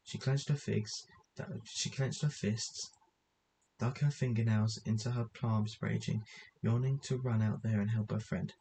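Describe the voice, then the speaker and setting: A man's voice: lowish voice, steady tone, unhurried, creaky, mellow, slight background noise, low-quality recording. A man reading a story aloud as narrator, often stumbling and correcting himself as he goes. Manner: reads with frequent stumbles and self-corrections.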